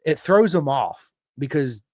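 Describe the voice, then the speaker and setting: An American man hosting a podcast, chatting casually and telling stories with bursts of excitement. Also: fairly high pitch, unhurried, no room sound, studio quality. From United States. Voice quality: excitable, animated storyteller. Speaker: podcast host. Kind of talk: casual interview chat.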